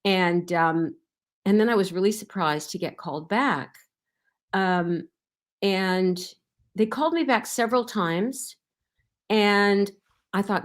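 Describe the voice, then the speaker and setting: A middle-aged actress recalling her time on a show in a relaxed interview, rambling with many fillers and restarts. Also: mid-range voice, a little slow, long pauses. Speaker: actress guest. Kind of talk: casual interview anecdotes.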